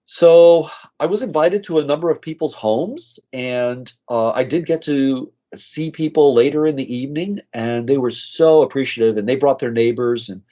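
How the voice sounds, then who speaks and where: An American man speaks at an everyday middle pitch as he tells animated stories, lively and quick to act out the people in them. The sound is a little dull and lo-fi. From United States. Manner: anecdotal, animated, acts out quoted people. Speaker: guest, nurse practitioner. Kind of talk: storytelling in an interview. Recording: slightly dull lo-fi audio.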